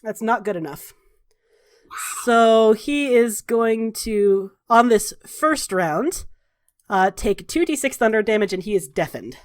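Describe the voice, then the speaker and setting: A woman running a tabletop game as game master, narrating and calling the rules briskly with offhand fillers. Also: on the high side, lively intonation.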